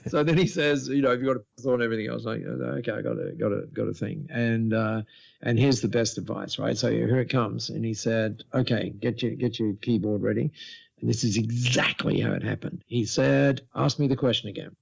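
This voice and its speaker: A man in his seventies, a podcast guest telling stories with lively quoted dialogue and many restarts. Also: mid-range voice, fairly quick, vocal fry, muffled recording. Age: 70s. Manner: animated storyteller, lively quoting of others, many restarts. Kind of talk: storytelling in a podcast interview.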